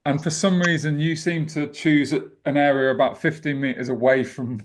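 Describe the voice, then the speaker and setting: A man co-hosting a podcast in relaxed, matter-of-fact casual chat. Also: fairly high pitch, normal speed. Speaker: podcast co-host.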